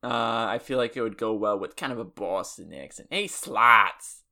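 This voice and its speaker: A man's voice: lowish voice, brisk, fairly bright tone. Man musing through quiz answers. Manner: musing, hesitant, thinks aloud. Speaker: quiz guest. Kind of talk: casual podcast chat.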